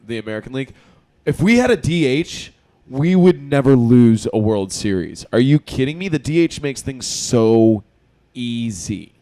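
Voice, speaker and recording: A man hosting a podcast, chatting casually and excitedly about baseball and teasing his guest. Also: medium pitch, normal speed. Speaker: podcast host. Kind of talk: casual sports chat.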